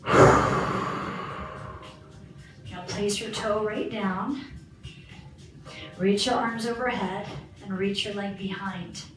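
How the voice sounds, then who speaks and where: A woman's voice: mid-range voice, steady tone, drawn-out words, pauses often, over music. A woman fitness instructor leading a guided balance and stretching class, cueing moves and counting reps in an encouraging way. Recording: roomy, far from the mic, faint background hiss.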